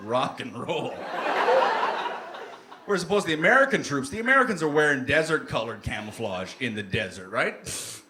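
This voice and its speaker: Animated Northern Ontario comic, lively pitch. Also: male voice, a little fast. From Canada. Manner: very animated, swaggering. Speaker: stand-up comedian. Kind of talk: stand-up comedy. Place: comedy club stage. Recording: live club, loud crowd and noise.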